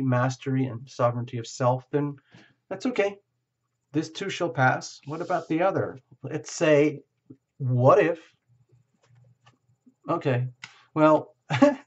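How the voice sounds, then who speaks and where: A man at an ordinary middle pitch talks through a tarot reading in a gentle, reassuring way. He muses and circles back on his words, with plenty of fillers. The audio is a little dull and lo-fi. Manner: musing, repeats words, frequent fillers. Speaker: tarot reader. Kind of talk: casual tarot reading monologue.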